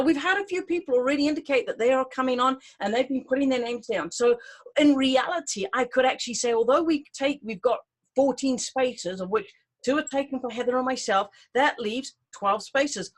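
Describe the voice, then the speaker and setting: A middle-aged woman hosting, chatting enthusiastically and informally about an upcoming tour, with many fillers and restarts. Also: high voice. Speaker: tour host. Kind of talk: casual promotional talk to camera.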